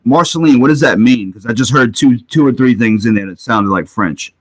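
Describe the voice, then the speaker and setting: A man in the middle of a live spirit session, talking eagerly and repeating his points as he questions whoever comes through. His voice sits at an ordinary middle pitch. A loud wash of static and clicking runs under everything he says. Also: fairly quick. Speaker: paranormal livestream host. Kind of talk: live stream commentary during spirit session. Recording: loud background noise.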